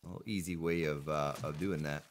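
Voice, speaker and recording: A man's voice: extremely low pitch, steady tone, fairly quick, a little hiss or hum. A man streaming a survival game, chatting casually with viewers and greeting them by name. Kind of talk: casual gameplay commentary.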